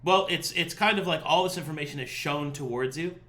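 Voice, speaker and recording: Bright-voiced man as game master. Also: a little high, fairly quick. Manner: explanatory, guiding players. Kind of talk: narrating a tabletop game.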